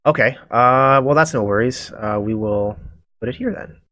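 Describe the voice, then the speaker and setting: A man's voice: mid-range voice, moderate pace, no echo. Male game master, casual and chuckling, dry close mic. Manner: relaxed, laughing, filler-heavy. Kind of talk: running a tabletop game online.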